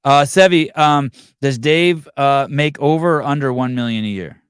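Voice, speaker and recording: Podcast host guy swearing a lot while he rants, mid-pitched voice, dry close mic. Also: moderate pace, clear, resonant tone, no room sound. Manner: profane animated ranting. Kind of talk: casual chat.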